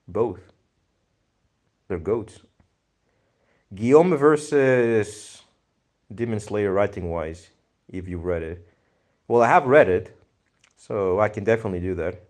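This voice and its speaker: A man's voice: on the low side, animated, measured pace, pauses often, darkish tone. A young man with a Greek accent chatting casually on a live stream, reading viewer comments and thinking aloud in a laid-back, slangy way. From Greece.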